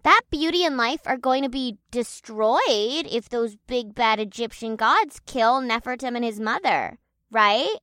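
A woman's voice: a little high, animated, measured pace, dry recording, clean studio sound. A woman playing feisty young Becca. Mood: impassioned. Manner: assertive, sharp.

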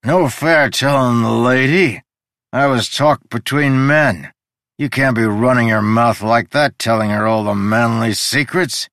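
A man voicing a drunk, gruff, boastful man in an audiobook, loud and blustering with a slurring delivery. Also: on the low side, lively intonation, takes it slowly, no room sound, clean studio sound, exaggerated voice. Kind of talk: audiobook character reading.

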